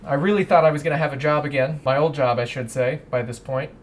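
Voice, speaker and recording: A young man with a fairly high voice talks in a loose, rambling way in a casual home vlog. He is self-deprecating and swears casually. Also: fairly even intonation, fast. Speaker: vlogger. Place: at home, doing laundry and in his bedroom.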